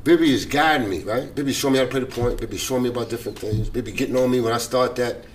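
A man, a guest in a casual interview, telling a story in an animated way and acting out the voices of other people. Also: very fast, slight background noise. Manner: animated storyteller, acts out quoted voices with big pitch jumps. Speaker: guest, former basketball player.

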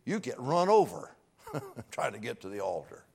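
Preacher man swinging from hush to shouts. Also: medium pitch, wildly swooping pitch, normal speed, gravelly, slightly rough. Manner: swings from hushed pleading to far-off shouting; folksy, joking asides. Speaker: guest preacher. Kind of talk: revival sermon. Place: church sanctuary.

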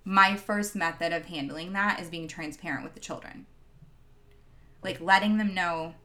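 Earnest woman, slightly low voice. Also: moderate pace, sharp tone. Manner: earnest, reflective, many "like" and "um" fillers. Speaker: guest, former teacher. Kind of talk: conversational interview answer.

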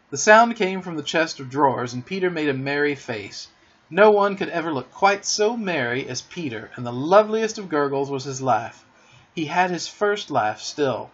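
A man narrating a children's storybook in an animated, theatrical reading, recorded dull and lo-fi. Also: mid-range voice, moderate pace, husky. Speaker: audiobook narrator.

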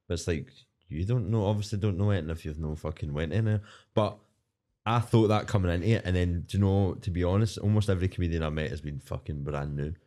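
A man's voice: deep voice, fast, dark tone. A young Scottish man, a comedian guest, chatting candidly and swearing freely on a podcast. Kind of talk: casual podcast chat.

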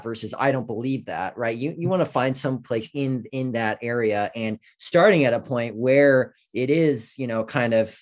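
Rambling man on a discussion panel. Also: mid-range voice. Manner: rambling, many "you know" fillers.

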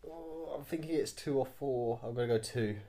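A man's voice: mid-range voice, normal speed, warm tone. A man co-hosting a casual chat who mostly gives brief, agreeable replies. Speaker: podcast co-host.

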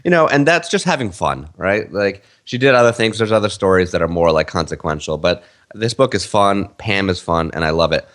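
A man in his thirties with a very low voice, co-hosting a podcast. He tells stories in a loose, rambling way, full of fillers and self-corrections. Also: lively intonation, fairly quick, fairly bright tone. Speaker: podcast co-host. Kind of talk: casual storytelling chat.

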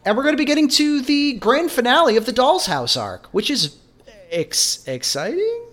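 Animated, rambling podcast co-host man. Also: very high-pitched, moderate pace. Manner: rambling, swearing and self-correcting. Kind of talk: casual chat.

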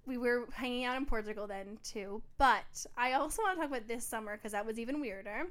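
An American woman co-hosting a podcast, telling a story in a lively, chatty way and laughing often. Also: fairly high pitch, brisk. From New York, US. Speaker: podcast co-host. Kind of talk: casual chat.

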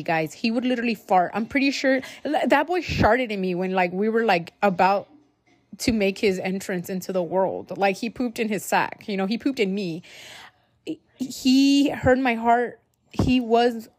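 A young adult woman hosts her own podcast in a casual solo monologue, speaking loosely, swearing freely, and addressing her listeners as "guys." Her voice is mid-range with no echo.

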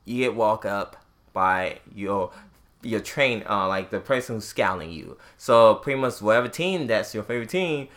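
A young man hosting a podcast, telling a gaming story in a casual, animated way. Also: fairly low pitch, moderate pace. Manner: animated storytelling with acted-out quotes. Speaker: podcast host. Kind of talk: casual chat.

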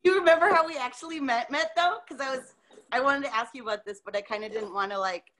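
A woman guest on a podcast, a musician, chatting casually in a loose, animated way with a lot of swearing. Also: high-pitched, quick pace, crowd noise. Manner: loose, profane, animated storytelling. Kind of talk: casual interview chat.

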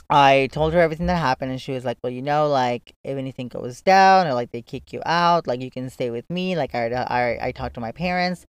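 A young man tells a personal story straight to camera, chatty and loose, with frequent "like" and casual swearing. His voice is smooth and clear. The sound is dry, as if recorded close to the mic. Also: medium pitch, no echo. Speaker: vlogger.

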